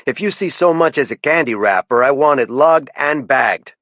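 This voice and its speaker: A man's voice: mid-range voice, lively intonation, normal speed, a bit bright, dry recording, muffled recording, voice pushed up. A man doing a pompous francophone lieutenant. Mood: commanding. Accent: francophone Maine French. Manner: sing-song lilt, speechifying. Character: pompous theatrical male game warden lieutenant.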